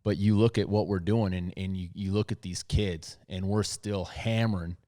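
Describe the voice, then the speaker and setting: Male podcast host, thirties, deep and soft-spoken, loose conversational restarts. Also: fairly even intonation, normal speed. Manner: low, soft-spoken radio voice, rambling restarts. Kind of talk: casual chat. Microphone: studio podcast mic.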